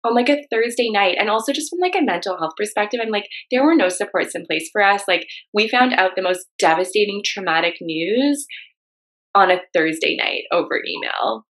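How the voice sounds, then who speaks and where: A woman's voice: mid-range voice, lively intonation, a little fast, a bit bright, poor audio. A young woman co-hosting a candid talk about grief. She tells her own story in a rush, full of "like" fillers. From Canada. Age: young adult. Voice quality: frequent "like" fillers, emotional storytelling. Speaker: co-host.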